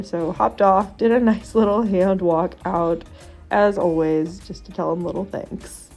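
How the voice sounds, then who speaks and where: A woman's voice: lowish voice, steady tone, moderate pace, gravelly, darkish tone. A woman narrating her horse-riding vlog in a chatty, self-deprecating voice-over. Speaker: horse vlogger. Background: music.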